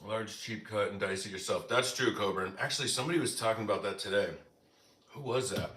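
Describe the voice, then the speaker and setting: A man's voice: lowish voice, fairly quick, a bit bright, roomy sound. A man hosting a casual live stream from the United States, chatting with viewers and answering their comments, with lots of "like" fillers. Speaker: live-stream cooking host.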